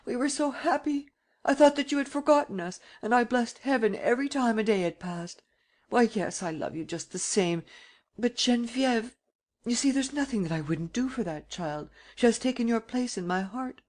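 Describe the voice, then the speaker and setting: A man's voice: a little high, normal speed, darkish tone, close to an everyday voice. A male narrator voicing an anxious old woman who pleads and frets over her granddaughter. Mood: pleading. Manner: tearful, imploring.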